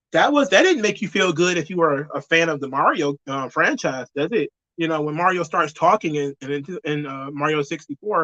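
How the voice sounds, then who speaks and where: A man's voice: fairly high pitch, pushed and bright, lo-fi sound. A man giving an opinionated, conversational movie review in a casual spoken style.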